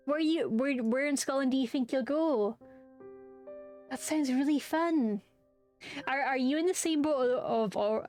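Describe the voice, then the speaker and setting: A woman's voice: sits high, darkish tone. A young woman chatting casually with her viewers, bubbly and giggly. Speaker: streamer. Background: background music.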